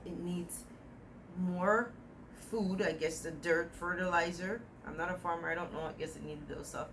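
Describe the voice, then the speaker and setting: A young woman telling a dream in a rambling, animated way, quoting the people in it. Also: lowish voice, normal speed, slight background noise, low-quality recording. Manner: rambling, animated retelling with quoted dialogue. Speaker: dream vlogger. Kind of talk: casual storytelling about a dream.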